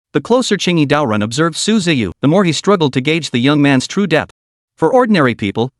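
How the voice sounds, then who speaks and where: A man narrating a web-novel audiobook in an expressive, dramatic storytelling manner. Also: fairly high pitch, no room sound, studio quality.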